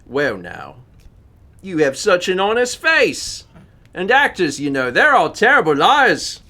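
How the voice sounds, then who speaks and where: A man's voice: high-pitched, wildly swooping pitch, measured pace, sharp tone, voice pushed up, heavily acted. Man doing a jolly plummy British gent. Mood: teasing. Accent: put-on British. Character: chipper British gentleman passenger, cheerful and gossipy.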